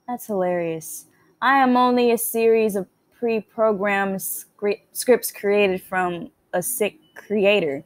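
Brief: a soft, eerie game girl, as a woman reads her lines, dry close sound, very slow. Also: mid-range voice, dry recording, natural voice. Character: eerie self-aware girl in a computer game. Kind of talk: reading game dialogue aloud.

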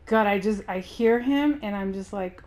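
A woman giving anxious let's-play commentary, yelping and shouting at enemies. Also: medium pitch, normal speed. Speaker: gaming streamer.

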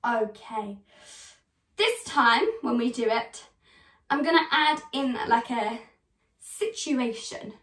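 A woman's voice: fairly high pitch, animated, slow, long pauses, a bit bright. Upbeat British woman teaching kids drama. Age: 20s. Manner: upbeat, encouraging, talks straight to children. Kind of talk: online kids' drama class. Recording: echoey room, voice from a distance.

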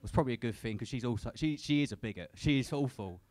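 A man's voice: mid-range voice, fast, darkish tone, no room sound, clean studio sound. A young man doing a crude, sweary stand-up set at a comedy club, tagging lines with "innit". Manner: crude, swears a lot, tag questions like "innit".

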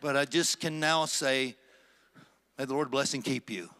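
A middle-aged man, a pastor, preaching a sermon with dramatic slow phrases and rising emphasis. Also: mid-range voice, bright, forceful tone.

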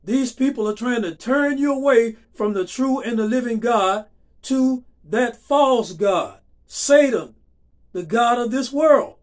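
A male preacher delivering a sermon in a high voice. He speaks slowly and deliberately. He hammers home his points by repeating key phrases. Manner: emphatic, repeats phrases for stress, slow and deliberate.

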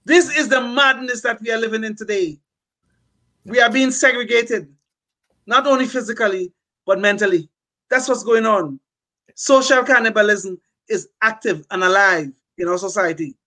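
A man's voice: high-pitched, normal speed, sharp tone. An older man co-hosting a political talk show, speaking emphatically with frequent restarts. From California. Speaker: podcast co-host. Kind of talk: political commentary.

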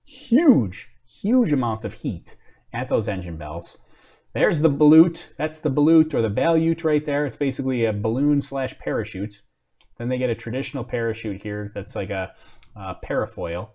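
A man's voice: medium pitch, expressive, normal speed, dark tone. A man hosting a live commentary stream, talking casually, thinking aloud and answering viewer comments with self-mocking apologies. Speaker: livestream host.

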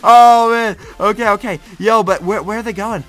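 A young man with a bright, high voice gives slangy, excitable let's-play commentary. He reacts loudly and laughs often, with faint game music underneath. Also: brisk. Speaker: gaming YouTuber.

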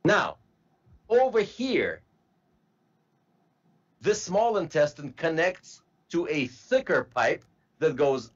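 A man teaching medical terminology to a class, slowly spelling out word parts and asking students to repeat. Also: fairly high pitch, a bit bright, highs cut off. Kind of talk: classroom lecture.

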